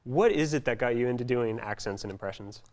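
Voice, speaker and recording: A man's voice: mid-range voice, brisk, a little mellow. A young man hosting a student talk show, upbeat, with scripted intros and questions. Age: young adult.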